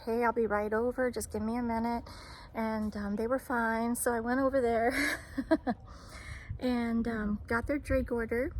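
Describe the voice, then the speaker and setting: A woman's voice: fairly high pitch, darkish tone, slight background noise. A woman who works as a restaurant server, chatting candidly through a storytime vlog outdoors in the shade. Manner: chatty, candid retelling with fillers. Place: outdoors, sitting in the shade on a hot day.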